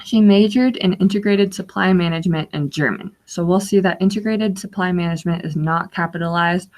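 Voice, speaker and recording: A young woman with a lowish voice teaches over a webinar. She explains each slide patiently and fills pauses with small fillers. It sounds like a computer mic on a video call. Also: darkish tone. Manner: explanatory, walks through slides with frequent fillers. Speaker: webinar guest speaker. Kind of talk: instructional webinar presentation.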